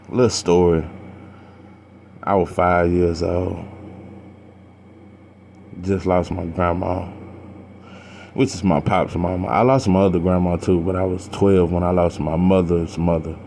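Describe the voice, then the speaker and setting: A very low-voiced man speaks to his viewers in a personal vlog. His talk is slow, heavy and halting, broken by sighs and casual slang. A faint hiss of noise sits under the recording. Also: fairly even intonation, gravelly, dark tone. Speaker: boxing channel vlogger.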